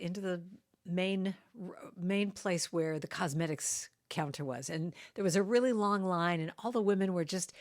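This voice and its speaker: A woman's voice: on the low side, dry recording, clean studio sound. A middle-aged woman telling a personal story as a guest speaker, acting out the voices of the people in it. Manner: animated storytelling with quoted voices. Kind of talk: storytelling talk.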